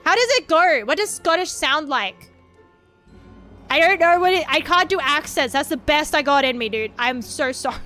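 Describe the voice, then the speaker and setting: A woman's voice: sits high, lively intonation, normal speed, sharp tone, soft background music. A woman streamer reading horror stories aloud in a casual way, giggling, swearing and chatting with viewers between lines. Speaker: vtuber streamer.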